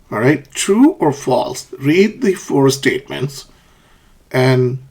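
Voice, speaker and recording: A man's voice: medium pitch, a little mellow, breathy edge. A man teaching an online English lesson, who checks in often with "okay?" and "right?" and models intonation by repeating example sentences.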